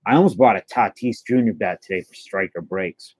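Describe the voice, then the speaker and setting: A man's voice: fairly low pitch, fairly quick, breathy edge, dry recording. Chatty man hosting a card livestream. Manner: chatty, answers chat messages aloud, stumbles and restarts. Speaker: livestream host opening trading cards. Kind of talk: casual livestream chat.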